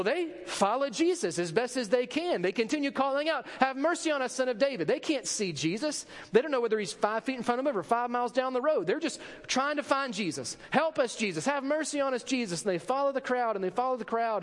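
A man preaching a sermon, telling a story with lively drama and acting out the voices of the people in it. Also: sits high, big-room sound. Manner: animated storytelling preacher, acts out the quoted pleas. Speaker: pastor.

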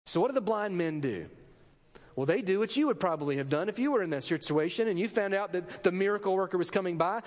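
A man preaching a sermon, telling a story with lively drama and acting out the voices of the people in it. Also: sits high, quick pace, long reverb tail. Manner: animated storytelling preacher, acts out the quoted pleas. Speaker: pastor.

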